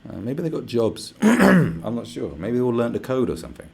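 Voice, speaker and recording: A man's voice: mid-range voice, very animated, normal speed, creaky, darkish tone, breathy edge. A man hosting a live stream, ranting casually with lots of swearing and sarcastic asides. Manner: profane, sarcastic, mocks others in put-on voices.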